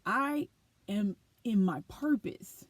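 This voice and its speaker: A woman's voice: medium pitch, expressive, takes it slowly, no room sound. A woman talking earnestly and animatedly to her camera in a personal vlog, reflecting on her life. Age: adult with a school-age daughter. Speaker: vlogger.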